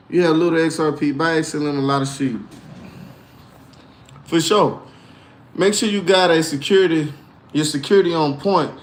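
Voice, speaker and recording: Animated slangy man in an echoey room. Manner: animated, swinging from low grumbles to loud outbursts; slangy, preachy mix of faith and crypto talk. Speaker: crypto livestream host. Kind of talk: casual livestream chat reading comments.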